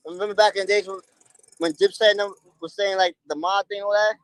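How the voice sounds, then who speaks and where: A man's voice: high voice, fairly even intonation, a little fast, clear, resonant tone, no echo, low-quality recording. A man, chatting casually and playfully on a livestream in heavy slang. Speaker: streamer.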